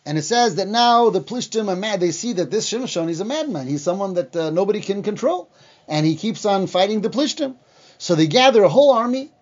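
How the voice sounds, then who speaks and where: A man's voice: high voice, animated, a little fast, a little mellow, highs cut off. A man teaching a Bible class, retelling the story casually with many fillers and acted-out quotes. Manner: retells the story in plain words, acting out the lines with frequent fillers.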